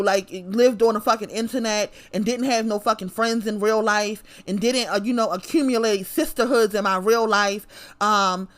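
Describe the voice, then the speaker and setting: A woman's voice: on the high side, fairly bright tone. A woman delivering a profane, confrontational rant straight to camera, repeating her lines for emphasis. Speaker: vlogger.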